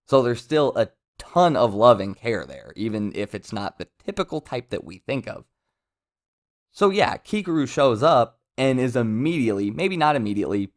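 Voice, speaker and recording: A man giving casual commentary as a manga reviewer, rambling with self-interruptions and amused asides. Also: mid-range voice.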